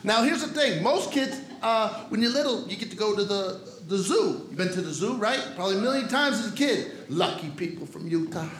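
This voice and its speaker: A stand-up comedian from Brooklyn, telling streetwise stories with a punchy delivery. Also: male voice, high voice, expressive, brisk, hardly any pauses. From Brooklyn, New York. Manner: streetwise, punchy, shouting into put-on voices. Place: comedy club stage. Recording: roomy live club recording with noise.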